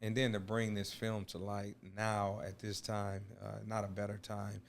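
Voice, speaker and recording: A man's voice: lowish voice, monotone, a little slow, vocal fry, a little hiss or hum. A man from Detroit, a basketball coach and author, telling his life story in an earnest, casual way and often saying "you know.". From Detroit, USA. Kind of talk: casual interview talk.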